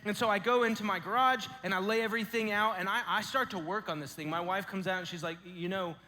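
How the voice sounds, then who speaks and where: A man in his thirties telling a story as a youth camp speaker, animated and storytelling with dramatic pauses. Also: sits high. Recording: echoey hall.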